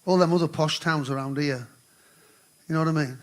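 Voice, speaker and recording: A man's voice: fairly high pitch, fairly quick. An older man, joking and rambling between songs as he hosts a live charity concert on stage. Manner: rambling, swearing, joking with the crowd. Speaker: musician hosting a charity concert.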